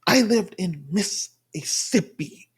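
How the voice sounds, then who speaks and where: A man's voice: high voice, animated, takes it slowly, slightly rough. A man from the Southern US giving rambling, emphatic casual commentary while reacting to a clip at home. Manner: rambling, emphatic, restarts often. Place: home room.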